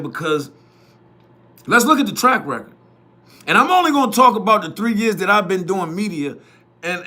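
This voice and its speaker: Man, high voice, youth football media host, blunt emphatic monologue, repetitive, profane. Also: bright, forceful tone. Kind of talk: opinionated monologue to viewers.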